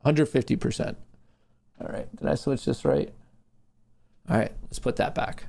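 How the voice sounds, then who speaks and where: A man's voice: medium pitch, big pitch swings, moderate pace, vocal fry, a little mellow, slightly rough. A man hosting a casual livestream, reading viewer messages aloud and answering them off the cuff. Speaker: host.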